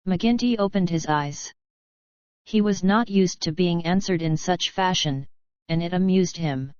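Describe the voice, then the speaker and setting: A woman narrating an audiobook in a measured, even reading in a dull lo-fi recording. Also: fairly low pitch, clean tone, dry recording. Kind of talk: scripted narration.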